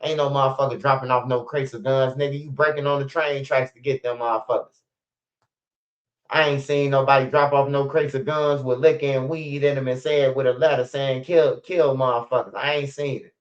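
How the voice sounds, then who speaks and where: A middle-aged man with a Chicago accent rambles through street stories, loose and profane. His pitch sits in an ordinary middle range. The recording is slightly muffled and lo-fi. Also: level tone, brisk. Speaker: storyteller. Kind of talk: casual storytelling monologue.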